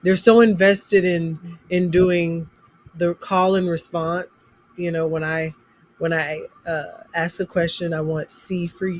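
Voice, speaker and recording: A language teacher in a relaxed chat, describing classroom struggles with frequent pauses and laughter. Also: medium pitch. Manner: unhurried, trails off with fillers, laughs at own stories. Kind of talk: casual conversation about teaching.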